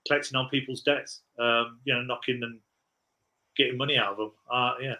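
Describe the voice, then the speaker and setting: A man's voice: mid-range voice, fairly even intonation, a little fast, pushed and bright, poor audio. A man in his forties, a podcast guest, telling rambling, laughing anecdotes in casual chat.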